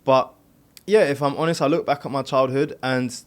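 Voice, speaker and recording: A man with a London accent, a content creator talking as a guest on a podcast in an earnest, relaxed way, with loose fillers and restarts. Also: mid-range voice, normal speed. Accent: London English. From South London, England. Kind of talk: casual podcast conversation.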